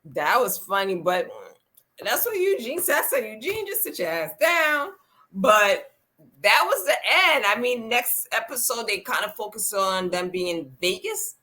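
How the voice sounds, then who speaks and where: A woman co-hosting a casual reality TV recap chat, acting out quotes with big jumps in pitch. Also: very animated, measured pace, pushed and bright. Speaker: reality TV podcast co-host.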